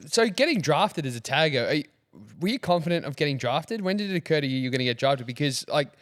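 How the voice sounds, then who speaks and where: Jokey Australian podcast host. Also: male voice, on the high side, expressive, quick pace, a bit bright, no echo, studio quality. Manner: jokey, teasing. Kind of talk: casual chat and ad read.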